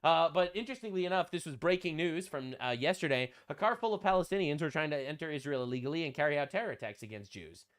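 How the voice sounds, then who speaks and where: A sarcastic man riffing through casual reaction commentary, his voice sitting noticeably high for a man. He talks bluntly and crudely, tossing in slang as he goes. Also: expressive, fast talker, hardly any pauses. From United States. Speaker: political commentary host.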